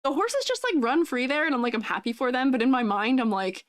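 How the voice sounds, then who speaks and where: Bubbly woman streamer, higher voice that bounces around, dry close sound. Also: lively intonation, fairly quick, few pauses, dry recording. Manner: giggly, bubbly, reads chat aloud. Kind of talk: casual livestream chat.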